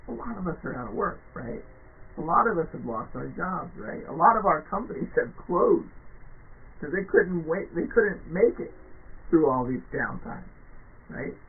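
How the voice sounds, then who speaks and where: A man hosts a podcast in a chatty, motivational manner, and his voice is a touch husky and pitched slightly high. He often asks "right?" and slips into quick acted voices. The sound is tinny and narrow, like a phone line. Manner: chatty, keeps asking "right?", acts out quoted voices. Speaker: podcast host. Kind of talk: casual motivational monologue.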